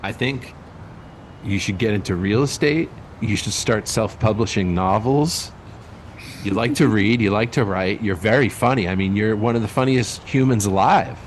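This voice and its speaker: A man's voice: lowish voice, moderate pace, slight background noise. A man hosting a casual podcast chat, playful and jokey, laughing often. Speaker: podcast host.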